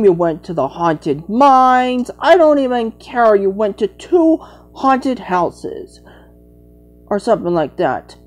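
A woman's voice: mid-range voice, darkish tone, poor audio. A woman rambling through improvised toy play, jumping between made-up character voices.

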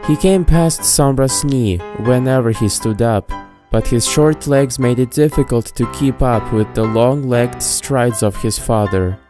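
A woman narrating a storybook with a steady, even-paced reading. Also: very deep voice, unhurried, hardly any pauses. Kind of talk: storybook narration of fan fiction. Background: faint background music.

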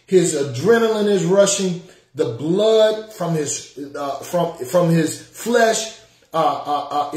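A male pastor delivers a sermon in a high voice, slow and deliberate. He repeats each key line several times and urges the congregation to respond. His voice rings with the echo of a church sanctuary. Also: darkish tone.

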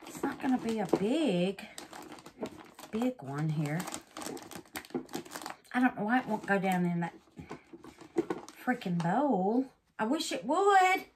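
Over some background noise, a woman with a medium-pitched voice chats casually through a resin craft demo. She exclaims often and calls her viewers babies.

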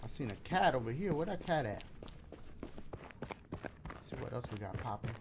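A man's voice: medium pitch, expressive, normal speed, background noise. A man doing let's play commentary on a game, slangy and joking, talking to the viewers. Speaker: gaming YouTuber.

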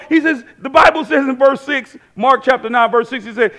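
A man preaching a sermon in a church, animated and conversational, acting out quoted voices and repeating phrases. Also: very high voice, moderate pace, few pauses.

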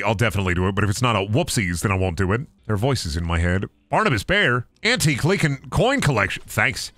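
A man streaming a video game, chatting casually and reacting loudly, joking and swearing as he plays. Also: fairly low pitch, dry recording. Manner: excitable, swearing, joking to himself. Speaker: gaming streamer. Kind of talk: casual gameplay commentary.

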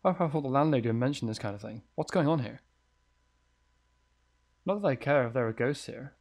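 Man, let's play commentary, jumpy, swears a lot, thinks aloud, middle pitch. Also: lively intonation, a little fast, a little mellow. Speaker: gamer playing a horror game.

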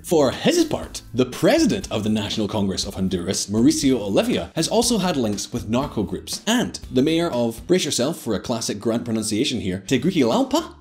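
A man hosting a scripted political explainer, delivering it with wry, playful asides. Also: mid-range voice. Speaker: host. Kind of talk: scripted narration.

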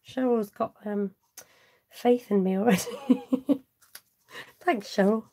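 Chatty woman with a warm husky voice. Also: a little high, slow pace. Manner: chatty, reads out viewer comments and answers them; talks aloud while working, with self-mocking asides. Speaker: cardmaking demonstrator hosting a live stream. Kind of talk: casual live craft demonstration.

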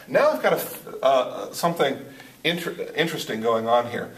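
A poetry teacher writes on a whiteboard while lecturing, halting, restarting and using many fillers as he thinks aloud. His voice is at an ordinary pitch but swings widely in pitch. He's captured from across an echoey room, with slight background noise.

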